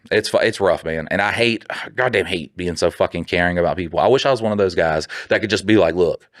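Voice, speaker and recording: Podcast co-host, man, lowish voice, heated and foul-mouthed, dry close mic. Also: a little fast, no echo. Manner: heated, profane ranting, often drops into quoted dialogue. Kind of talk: casual chat.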